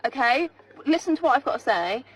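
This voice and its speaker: A woman police officer talks quickly and firmly through a roadside stop at night. She explains herself step by step and keeps checking in with "okay?". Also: sits high, very animated, breathy edge, low-quality recording. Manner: firm, procedural, keeps saying "okay?". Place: street beside a car at night.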